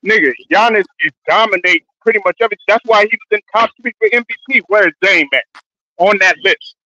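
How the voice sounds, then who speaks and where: A man arguing loudly and profanely in a heated sports debate. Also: high voice, fast talker, no room sound, dull audio. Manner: loud, argumentative, profane. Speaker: podcast co-host.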